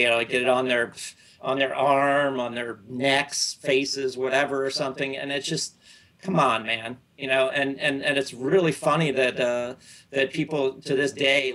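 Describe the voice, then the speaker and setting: A middle-aged man talks as a guest in a relaxed interview, drifting from one story to the next. He trips over his own sentences and starts them again, keeping an easygoing conversational flow. His voice sits at an ordinary pitch for a man. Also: rough recording. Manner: rambling, loose storytelling with many restarts. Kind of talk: casual interview chat.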